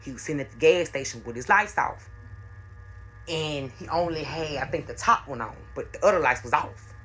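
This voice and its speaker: Young adult woman, bright forceful tone, casual repetitive vlog storytelling. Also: deep voice, expressive, normal speed, faint music behind. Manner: repetitive, conversational, slangy. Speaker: storyteller vlogger.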